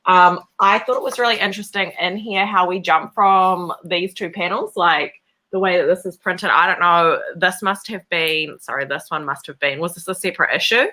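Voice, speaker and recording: A woman's voice: on the low side, normal speed, sharp tone, rough recording. A woman in her thirties with a New Zealand accent and a slightly nasal voice, co-hosting a casual comics chat with lots of fillers. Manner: chatty, filler-heavy, upbeat. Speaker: podcast co-host.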